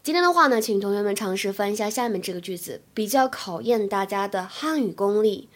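A young woman, an English teacher, explaining phrases patiently and drilling them slowly in a spoken lesson. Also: mid-range voice, lively intonation.

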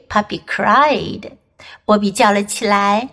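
A woman English teacher, whose first language is Chinese, reading a children's story aloud in two languages with a clear, sing-song manner for small children. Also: medium pitch, slow pace, a bit bright.

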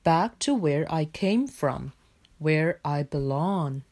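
A woman voicing a little male bear in a storybook reading, quiet and gentle, speaking slowly and plainly. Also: low-pitched, animated, pitched below the performer's own voice, exaggerated voice. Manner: slow, quiet, plain speech.

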